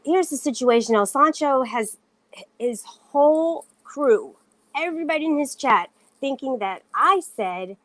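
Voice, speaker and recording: Woman ranting on her live, kinda high voice, dry close sound, defensive and insistent. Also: a bit bright, no echo. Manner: indignant, defensive, emphatic. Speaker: livestreamer. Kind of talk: casual livestream talk.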